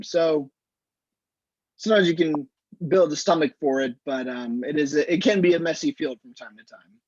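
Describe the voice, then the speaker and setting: A man, an anesthesiologist, giving measured, explanatory advice to students in a casual online Q&A over a video call. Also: mid-range voice, a little mellow, slightly rough, no room sound. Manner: measured, explanatory, frequent "standpoint" phrasing. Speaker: anesthesiologist answering student questions. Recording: muffled, slightly lo-fi video call audio.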